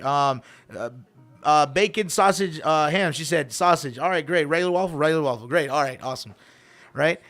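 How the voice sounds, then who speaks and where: Middle-aged male radio host, lively anecdote teller, voice a little on the high side. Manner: animated, acts out quoted voices, switches between English and Spanish. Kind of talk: casual storytelling.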